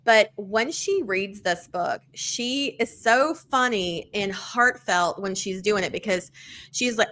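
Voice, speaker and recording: A woman hosts a podcast and talks books in a loose, gushing way. She fills her sentences with "like" and "um" and swears without a second thought. Her voice is bright and forward. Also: a little high, a little slow. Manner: chatty, many fillers, casual swearing; animated, excited storytelling. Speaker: podcast host. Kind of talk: casual book-review chat.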